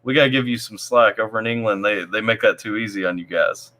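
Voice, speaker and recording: A man's voice: fairly low pitch, fast, pushed and bright. A man hosting a casual live stream, reading viewer comments aloud in a laid-back way. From Tennessee. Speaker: livestream host.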